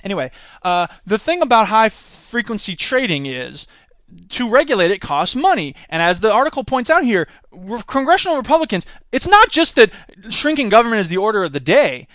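Animated man ranting political commentary. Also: high voice, a little fast, dry recording. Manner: animated ranting, mocking voices for quotes. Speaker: podcast host.

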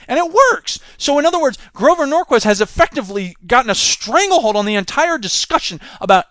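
A man hosting a podcast, giving animated political commentary and mocking the people he quotes. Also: extremely high pitch, quick pace, few pauses, no echo. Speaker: podcast host.

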